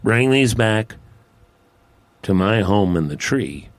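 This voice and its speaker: A man voicing a wise old male owl that speaks in a calm, deliberate, folksy way. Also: fairly low pitch, no room sound.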